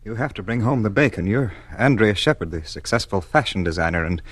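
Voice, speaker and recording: An actor playing a sickly, self-pitying husband in a 1940s radio drama, halting and stammering. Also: male voice, lowish voice, animated, slightly rough, dry recording.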